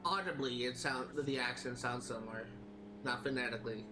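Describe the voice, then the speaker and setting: A man's voice: medium pitch, fairly quick, over music, poor audio. A man streaming a video game, chatting casually in a rambling, hesitant way with many fillers and restarts. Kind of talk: casual commentary while gaming.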